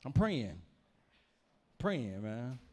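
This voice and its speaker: A man's voice: medium pitch, sing-song, extremely slow, mellow. A young man from Louisville, Kentucky, doing a stand-up comedy set in a loose, rambling storytelling manner with repeated phrases.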